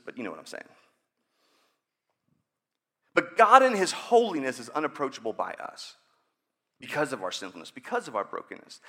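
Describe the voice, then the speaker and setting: A man's voice: a little high, sharp tone. A man in his thirties preaching a sermon in a conversational, joking way, acting out prayers. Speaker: pastor.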